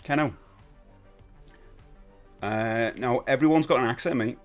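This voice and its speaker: British male streamer, forties, chatty and animated, over soft background music. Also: measured pace. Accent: British English. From United Kingdom. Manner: animated, jumps between high excited bursts and low mutters. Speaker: livestream host. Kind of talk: casual live stream chat.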